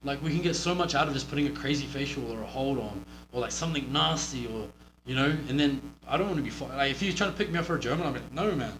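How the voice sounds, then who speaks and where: A man's voice: medium pitch, lively intonation, fast. A man with a New Zealand accent, coaching a wrestler through a casual match review in a blunt, profane, rambling way. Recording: roomy with faint hum.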